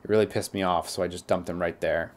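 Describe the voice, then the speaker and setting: A man's voice: low-pitched, steady tone, fast talker, close to an everyday voice. A man reading the lines of a blunt, tough young woman from a game in his own plain voice. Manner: reads game text aloud.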